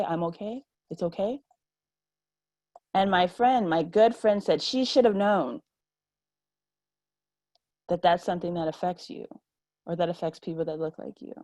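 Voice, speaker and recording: Low-voiced woman, earnest panelist. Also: dark tone, no echo, rough recording. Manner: earnest, acts out quoted voices. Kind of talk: roundtable discussion over video call. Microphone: video call.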